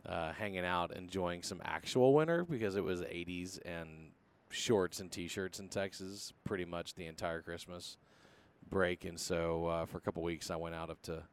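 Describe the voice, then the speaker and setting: A man hosting a casual podcast, talking in a rambling, joking way. His voice sits fairly low, and he keeps stopping to restart his sentences. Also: moderate pace, clear, resonant tone. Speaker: podcast host.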